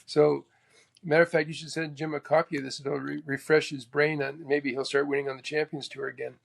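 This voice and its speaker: A man from Canada, a former tour golfer, telling stories as a guest in a lively, casual way, acting out quotes with sudden exclamations. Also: a little high, fast talker, creaky. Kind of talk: casual storytelling.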